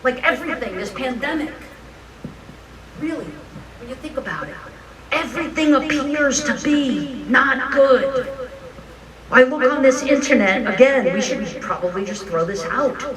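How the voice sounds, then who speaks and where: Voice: high-pitched, a little slow, distant mic, crowd noise, low-quality recording. A minister giving a frank, joking, conversational sermon at a live church service. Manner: animated storytelling, frank and joking.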